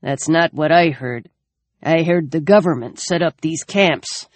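Conflicted older man, subdued and hesitant, woman reader doing him, low-key delivery. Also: unhurried, no room sound, natural voice. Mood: uneasy.

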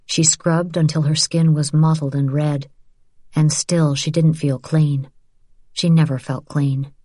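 A woman reading an audiobook in measured, even scripted narration. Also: low voice, no echo, studio quality.

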